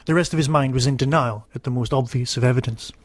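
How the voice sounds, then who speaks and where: A man's voice: mid-range voice, fast, no room sound, clean studio sound. Man reading a story aloud. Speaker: podcast host. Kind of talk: storytelling narration.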